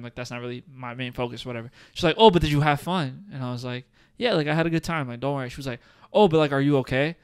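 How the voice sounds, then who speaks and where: A young man with a smooth, clear voice, chatting as a podcast co-host. He tells his stories in an animated, rambling way, leaning on filler words, and his voice sits a bit above the usual for a man. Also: a little high, fast. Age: young adult. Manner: animated storytelling, heavy use of "like" and "bro". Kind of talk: casual chat. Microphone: studio podcast mic, seated.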